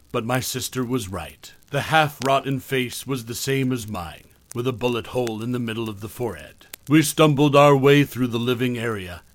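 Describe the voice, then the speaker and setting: A man narrating a first-person horror story in a measured, tense storytelling manner. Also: mid-range voice.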